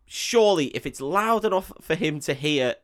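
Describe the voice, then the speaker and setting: Brief: male podcast co-host, animated and jokey, sweary banter, voice swings up and down a lot. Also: on the high side, moderate pace. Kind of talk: casual comedic film recap.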